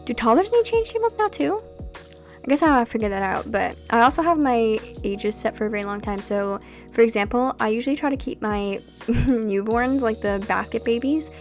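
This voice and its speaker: Chatty young woman over soft music. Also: a little high. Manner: chatty, rambling, animated asides. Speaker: Sims gameplay creator. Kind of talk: casual voice-over chat over gameplay.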